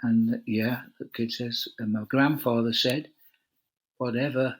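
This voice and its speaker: Husky older man telling stories. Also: mid-range voice, level tone, measured pace, rough recording. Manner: chatty, acts out quoted lines. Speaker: guest, cycling commentator. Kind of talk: relaxed anecdotal storytelling.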